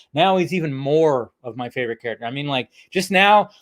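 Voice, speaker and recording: A male host giving casual movie news commentary, excitable, swearing freely and laughing often. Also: fairly high pitch, fairly quick. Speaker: host of a film news channel.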